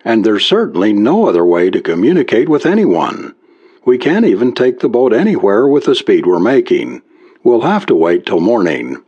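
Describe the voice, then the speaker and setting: A man playing a tense sailor forcing calm. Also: on the low side, normal speed, slightly rough. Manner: steadying, forced calm. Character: tense young man trying to stay calm. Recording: muffled lo-fi recording.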